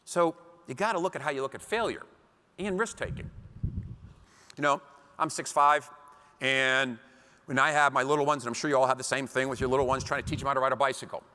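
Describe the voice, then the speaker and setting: A man giving a seminar talk to a live audience, telling animated stories with acted quotes. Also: medium pitch, fairly quick, pauses often. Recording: long hall reverb.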